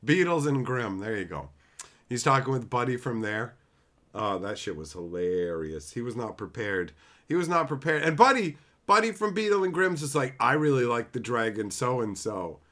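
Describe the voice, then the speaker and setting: A male livestream host rants casually, swearing freely and mocking what he talks about. His voice has a bright, forward edge that sits in a middle pitch. He keeps the tone loose and animated. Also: normal speed. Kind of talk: casual ranting chat.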